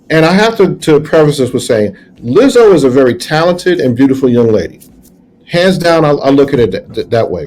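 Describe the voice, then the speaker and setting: A middle-aged man co-hosting a reaction talk, casual and halting, often restarting and repeating words. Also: on the high side, a little mellow. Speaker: co-host. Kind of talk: reaction commentary.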